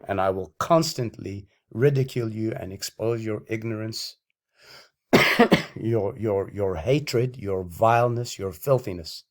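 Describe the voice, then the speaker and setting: A man with a low voice talks straight at his viewers in a long solo rant. He sounds out of breath and is losing his voice, and his tone stays combative and contemptuous while he praises himself. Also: measured pace. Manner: combative, self-aggrandizing, contemptuous. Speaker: channel host. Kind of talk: ranting monologue.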